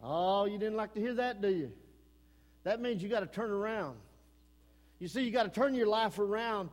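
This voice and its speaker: A man with an East Texas accent preaching a fiery sermon as pastor, swinging between shouted warnings and low, earnest pleading. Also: lively intonation, normal speed. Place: church sanctuary. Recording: long hall reverb.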